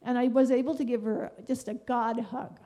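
A woman's voice: a little high, steady tone, normal speed, dark tone. A woman giving a rambling, heartfelt personal testimony at a church gathering, full of fillers and restarts. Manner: meandering, many fillers and restarts; earnest and heartfelt. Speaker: church speaker sharing a devotion.

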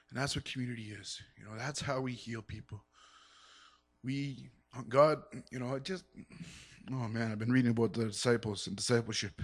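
A man speaks in an earnest, rambling way as he gives his testimony to a church. He pads his thoughts with fillers and restarts, then lifts into sudden excited bursts. His pitch sits in an ordinary middle range. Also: fairly quick. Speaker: church member giving testimony. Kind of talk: spoken testimony.

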